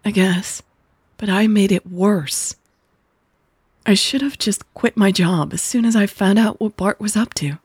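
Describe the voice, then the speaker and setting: A woman's voice: medium pitch, unhurried, a little mellow, slightly rough, no room sound, clean studio sound, pitched above the performer's own voice. A woman voicing Natalie, a conflicted young woman in love, speaking in a tired, sighing, downcast way. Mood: weary.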